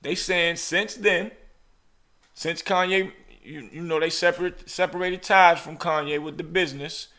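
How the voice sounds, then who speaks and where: This podcast host's voice sits on the high side and moves a little slowly. Chatting casually, he tells lively stories and imitates the people in them.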